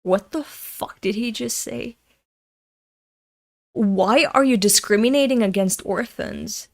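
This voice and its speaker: A woman's voice: on the high side, slow. A young woman from Europe reading a comic aloud in casual commentary, ranting and swearing with indignation. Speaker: comic reader. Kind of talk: casual read-along commentary.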